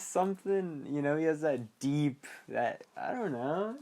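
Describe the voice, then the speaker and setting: A man's voice: fairly high pitch, animated, measured pace, a little mellow. A man hosting a casual podcast, recapping a film in a rambling way, laughing often and briefly acting out scenes in silly voices. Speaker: podcast host reviewing a film.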